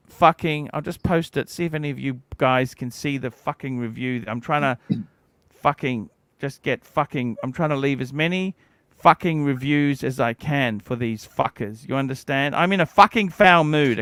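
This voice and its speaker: A man in his forties with a bright, crisp, fairly high voice rants at length, swearing freely and sounding thoroughly cantankerous. The sound is dry and close, with no room around it. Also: unhurried, no echo. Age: 40s. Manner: profane, cantankerous ranting. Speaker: livestream host. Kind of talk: ranting livestream chat.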